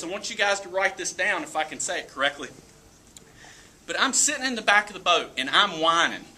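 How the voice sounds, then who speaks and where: Motivational speaker, man, high and sharp-toned, animated storyteller. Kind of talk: motivational speech to a live audience. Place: event room with an audience.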